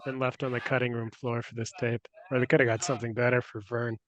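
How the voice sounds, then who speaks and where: A man's voice: medium pitch, little pitch movement, fast talker, slight background noise. A man in a casual group chat, mostly chiming in with short, agreeable remarks. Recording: dull lo-fi sound.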